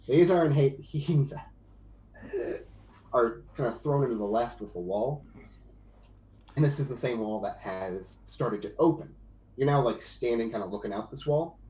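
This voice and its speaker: A man's voice: lowish voice, darkish tone, echoey room, a little hiss or hum, rough recording. A man narrating as game master of a tabletop game, in a loose, rambling way full of fillers.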